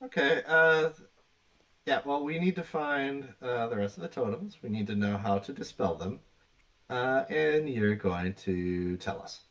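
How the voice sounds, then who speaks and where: A man with a mid-pitched voice talks casually with a tabletop group. He speaks in an easygoing way and hesitates with uhs as he thinks. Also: lively intonation, measured pace, fairly bright tone, distant mic. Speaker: player.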